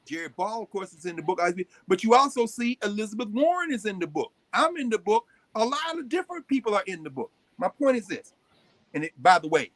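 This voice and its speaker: Male host-lecturer, high and animated, emphatic, repeats words for build, dry close recording. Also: no echo. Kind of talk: animated classroom talk.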